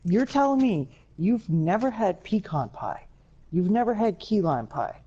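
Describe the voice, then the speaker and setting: A woman's voice: medium pitch, big pitch swings, measured pace, mellow, breathy edge. Teasing woman on muffled lo-fi audio. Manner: teasing, incredulous, rattles off lists. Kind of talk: casual chat.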